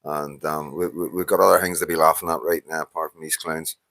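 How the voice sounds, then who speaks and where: A man's voice: a bass voice, flat delivery, brisk, creaky, fairly bright tone, no room sound. A tired Northern Irish man in his fifties hosting a casual live stream, chatting, laughing and greeting viewers by name. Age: 50s. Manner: chatty, swears, laughs often, reads out names. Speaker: livestream host.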